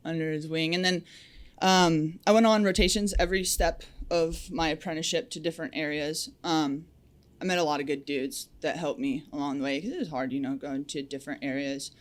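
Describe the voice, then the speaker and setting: This young adult woman, a powerline lineman appearing as a podcast guest, talks fairly quickly in a low, steady voice. The interview is casual, and she's blunt and open, with frequent fillers.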